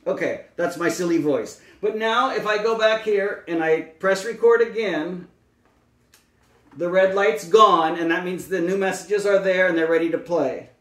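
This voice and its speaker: A male speech-language pathologist with a slightly high voice patiently walks through an instructional demonstration step by step, using lots of small fillers. He sits at a distance from the microphone, so the roomy recording carries a noticeable echo.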